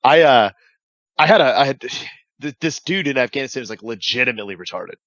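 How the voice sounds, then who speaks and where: A man's voice: mid-range voice, animated, a little fast, a bit bright, muffled recording. A man casually telling profane war stories on a podcast, acting out radio calls. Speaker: veteran guest telling stories.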